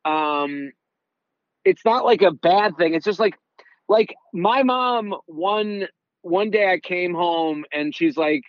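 A man's voice: sits high, a little slow, rough recording. A man chatting casually on a remote call, telling rambling family stories with lots of "like"s and quoted lines. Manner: animated storyteller, rambling with many "like"s. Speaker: guest comedian. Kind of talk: casual chat.

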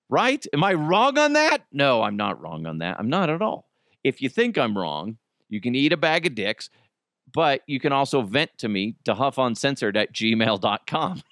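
A middle-aged man hosts a casual solo podcast, ranting in an exasperated, profane way and telling very animated stories at a measured pace. His medium-pitched voice has a fairly bright tone, and the clean studio recording has no echo.

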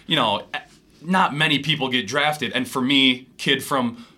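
A pro baseball pitcher in his 20s from Wisconsin appears as a guest in a casual interview, telling stories animatedly and acting out other people's voices. His voice is mid-range and a little slow.

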